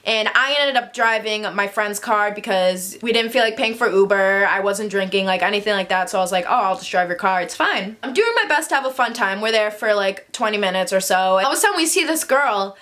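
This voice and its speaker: A woman's voice: medium pitch, expressive, a little fast, few pauses, bright, forceful tone. A woman in her twenties telling a dramatic party story in a casual vlog, acting out the quotes. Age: 20s. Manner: chatty and dramatic, acts out quotes. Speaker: vlogger.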